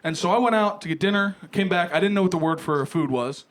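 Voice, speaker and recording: A man's voice: high voice, quick pace. A young man from Ohio doing a profane, brash stand-up comedy set on a club stage. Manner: brash, profane, animated storytelling. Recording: live club recording with audible crowd noise.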